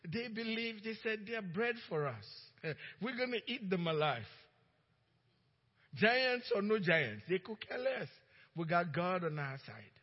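A man preaches with a very high voice, now and then shouting for emphasis and chuckling as he goes. His voice rings out with a long reverb in a church hall. The recording sounds slightly dull. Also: slightly rough. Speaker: pastor. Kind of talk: sermon.

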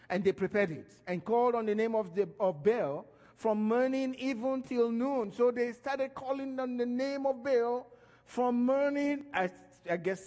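High-voiced preacher in a reverberant hall. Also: male voice. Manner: animated preaching, voice rising and falling in emphasis. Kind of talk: sermon.

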